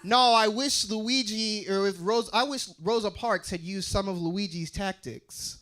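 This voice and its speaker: Pacing things a little slowly, a young comedian from Utah delivers his set with energy, bursting into high, loud character voices before dropping to quiet, low asides.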